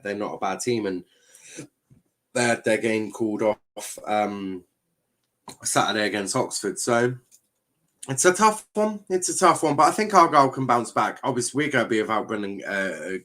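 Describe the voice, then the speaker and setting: Male football-show host, lowish voice, casual and rambling, heavy on fillers. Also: a bit bright. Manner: rambling, reads viewer comments aloud; hesitant, lots of fillers and restarts. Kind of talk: casual live-stream chat.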